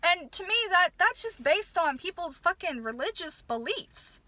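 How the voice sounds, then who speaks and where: A woman in her thirties, an American nurse and mother, speaks in a very high, sing-song yet sharp voice as she angrily vents to camera. She swears heavily and keeps breaking off to restart. No echo is present, but the audio quality is poor.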